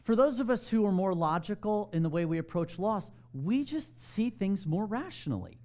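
Preacher guy, kinda high voice, swings up and down a lot, chatty sermon, throws questions at the room. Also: very animated, moderate pace, darkish tone. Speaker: pastor.

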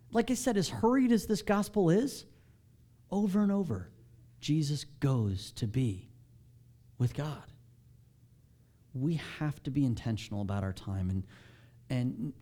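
A man's voice: on the high side, darkish tone. A man, a pastor with children, giving a candid, self-deprecating, conversational sermon.

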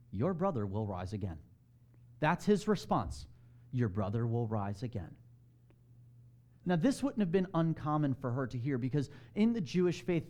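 Lively-voiced preacher man talking to a congregation. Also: a little high. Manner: conversational preaching, asks the room questions. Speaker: pastor. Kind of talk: sermon.

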